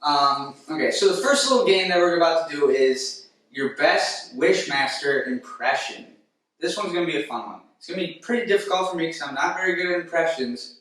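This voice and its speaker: A man's voice: on the high side, animated, normal speed, a bit bright. A young man hosting a casual comedic film review, talking in a loose, rambling way with many fillers. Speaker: host. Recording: very echoey room, distant mic.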